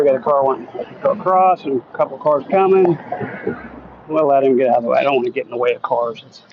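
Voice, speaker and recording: A man's voice: medium pitch, background noise. A man hosting a casual livestream while walking outdoors through a neighborhood, chatting and reading viewer comments aloud. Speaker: livestream host. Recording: dull lo-fi sound, dry.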